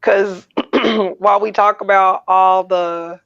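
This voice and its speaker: A middle-aged woman, a mother speaking as a guest, answering thoughtfully and in a measured way. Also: medium pitch, steady tone, fairly bright tone, dry recording. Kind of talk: reflective conversation. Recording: dull dry lo-fi sound.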